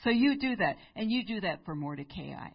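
A woman's voice: mid-range voice, sing-song, fairly quick, creaky, husky, dull audio, heavily acted. A woman preacher putting on a raised, commanding voice for an ancient king. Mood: hearty.

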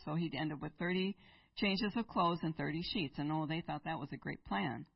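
A woman's voice: deep voice, normal speed, slightly rough, no echo, far from the mic, dull audio. A woman preaching in church, retelling a Bible story and asking her listeners rhetorical questions. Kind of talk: sermon.

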